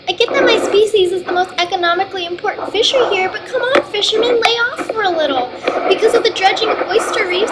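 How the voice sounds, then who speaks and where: A woman voicing an emotional pregnant female blue crab in a school project skit, chatty and pleading. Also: extremely high pitch. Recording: loud background noise.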